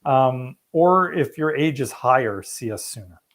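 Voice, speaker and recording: A man's voice: mid-range voice, expressive, measured pace, a bit bright. A man who is a fertility specialist, answering viewer questions in a casual, joking live stream and reading study titles aloud.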